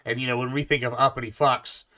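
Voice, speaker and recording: Fast, bright-voiced man arguing. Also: medium pitch, flat delivery. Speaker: panelist. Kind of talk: casual debate chat.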